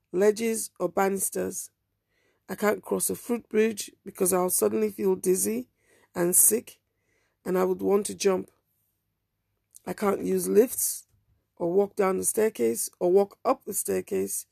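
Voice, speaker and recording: A woman narrating a first-person story in a quiet, subdued, measured way. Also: medium pitch, vocal fry, husky, dry recording, clean studio sound.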